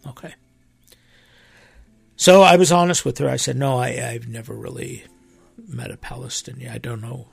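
Husky gravelly guy preaching in casual talk, dry close sound, faint music under. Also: mid-range voice, normal speed, pauses often, dry recording. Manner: earnest, emphatic, with animated rises and quoted voices. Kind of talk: impassioned conversational talk.

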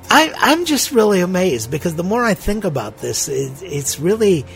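Lively gravelly priest hosting a podcast. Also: male voice, high-pitched, moderate pace, faint music behind. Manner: playful, tongue-in-cheek, teasing. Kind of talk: conversational spiritual podcast talk.

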